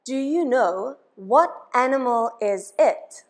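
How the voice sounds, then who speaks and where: A woman from Africa, teaching children English words slowly and patiently, asking questions and having them repeat each word. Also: fairly high pitch, animated. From South Africa. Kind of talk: slow children's English lesson.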